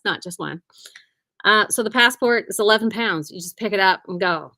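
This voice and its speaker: A woman's voice: medium pitch, brisk, sharp tone, no room sound. A woman who owns a quilting shop, chatting casually and cheerfully about sales in her store, often humming and saying "like". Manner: chatty and upbeat, hums and says "like" often.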